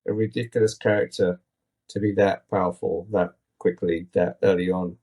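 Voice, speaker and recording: A man's voice: low-pitched, fairly even intonation, moderate pace, dark tone, slightly rough. A man hosting a casual podcast, talking in an opinionated, rambling, critical way into a tablet mic. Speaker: podcast host.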